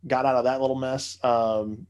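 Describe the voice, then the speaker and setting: A man's voice: medium pitch, flat delivery, moderate pace, a little mellow, clear, resonant tone. A man telling a long story in casual podcast chat, profane and rambling with many fillers.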